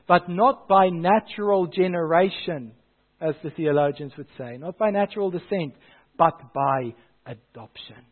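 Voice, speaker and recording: A man preaching a sermon as pastor, earnest and building to louder emphasis on key phrases. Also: a little high. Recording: tinny phone-like sound.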